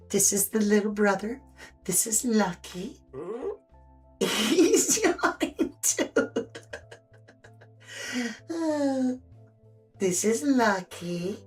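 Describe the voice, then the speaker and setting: A woman's voice: on the low side, husky. A woman hosting a live painting stream, chatting casually, reading viewer comments aloud and fussing over her dogs. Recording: faint background music.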